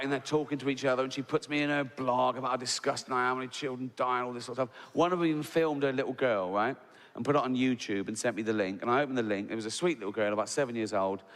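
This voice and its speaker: On a large theatre stage, a man with a medium-pitched voice performs stand-up, telling a long story and mocking people with put-on voices in his quoted lines. He's animated, and the live recording carries long reverb, loud crowd ambience, and slight background noise.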